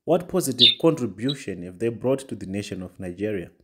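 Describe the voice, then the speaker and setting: A man hosting a live call, answering calmly and dismissively, sometimes mocking the caller. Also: lowish voice, fairly quick, breathy edge. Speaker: host.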